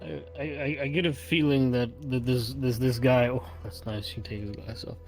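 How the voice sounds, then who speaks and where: A man's voice: mid-range voice, fairly even intonation, moderate pace, soft background music, poor audio. A man playing a tabletop game, joking and swearing casually out of character. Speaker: tabletop role-play player.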